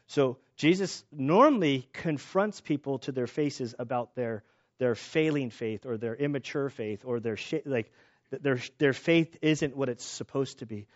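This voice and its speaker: A male pastor delivers his sermon in an easygoing, lively way, often breaking off and restarting his sentences. He jokes about himself, and his voice sits at an ordinary middle pitch. The recording sounds slightly dull and lo-fi. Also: unhurried. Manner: casual, animated, self-deprecating jokes, many restarts.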